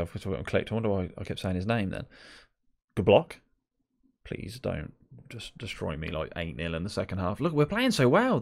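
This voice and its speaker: A young man with a fairly low voice commentates live on a game. He is chatty and exasperated, and talks straight to the players on screen as if they could hear him. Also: a little mellow. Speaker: gaming video creator.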